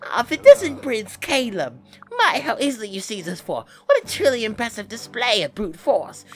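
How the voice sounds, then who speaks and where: A man's voice: extremely high pitch, big pitch swings, moderate pace, a bit bright, faint music behind, voice pushed up, full character voice. A man voicing a mocking, scheming male sorcerer in a game dialogue reading.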